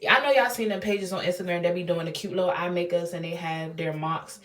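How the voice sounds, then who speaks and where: A D.C.-accented young woman from Washington, D.C., a beauty vlogger, unboxes products in her bathroom at home. Her talk is casual, slangy, and fairly fast, with big shifts in how high and loud she gets.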